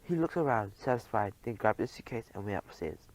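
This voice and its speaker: A man narrating a children's storybook audiobook in a gentle, even storytelling manner. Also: on the low side, fairly quick, rough recording.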